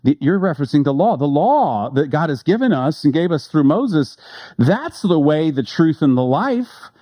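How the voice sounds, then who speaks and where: A male pastor giving a relaxed, conversational sermon, joking with listeners and slowing down to read quotes with weight. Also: a little high, no room sound, dull audio. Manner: conversational and joking, reads quotes slowly with emphasis.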